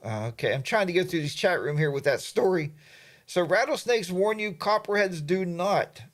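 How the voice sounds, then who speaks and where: This middle-aged man's voice sits high and sounds animated at a normal speed. As a livestream host, he wanders through a story and reads chat comments aloud, with plenty of fillers and asides.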